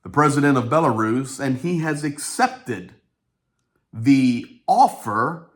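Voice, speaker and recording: A man hosting his own show, giving a running news commentary in an informal way, talking straight to his audience. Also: slow. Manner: animated, swings up in pitch for quotes. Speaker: host.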